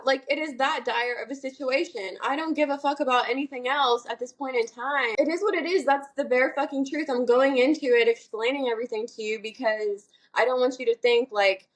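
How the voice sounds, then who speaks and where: A young woman with a fairly high voice vents on a casual podcast. She tells her story hotly and bluntly, with a lot of profanity. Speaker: podcast co-host.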